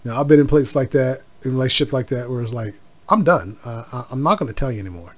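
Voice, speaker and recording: A man's voice: mid-range voice, lively intonation, fast talker. A middle-aged man hosting a casual solo podcast, rambling with many fillers and asides. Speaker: podcast host.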